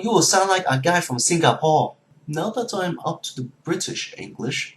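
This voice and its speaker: A man who presents his own video and switches between many mimicked foreign accents while talking. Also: fairly high pitch. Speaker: YouTuber. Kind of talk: accent impression showcase.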